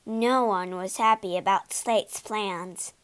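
A woman narrating a storybook with an expressive, dramatic reading. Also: mid-range voice, slow, smooth.

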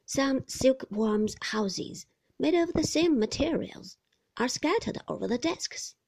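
A woman narrating a classic novel slowly and deliberately, often dropping to a soft whisper. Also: high voice, expressive, creaky, rough recording. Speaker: audiobook narrator.

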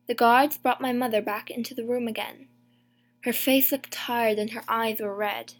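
A woman reads a story chapter aloud in the first person, slow and deliberate. Her voice sits a little high and every word is clear. A plain, even audiobook narration.

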